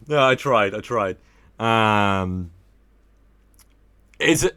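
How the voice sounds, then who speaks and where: A man's voice: medium pitch, fairly bright tone, no echo. Chatty English young man on a livestream. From England. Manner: rambling, swearing, jokey. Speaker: livestream host. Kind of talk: casual livestream chat with viewers.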